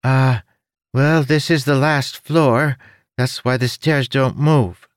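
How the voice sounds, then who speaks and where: A man's voice: medium pitch, steady tone, slow pace, no room sound, clean studio sound, pitched above the performer's own voice, close to an everyday voice. A man voicing a small, childlike winged male creature with a trunk, chirpy and carefree, in an audiobook. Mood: cheerful.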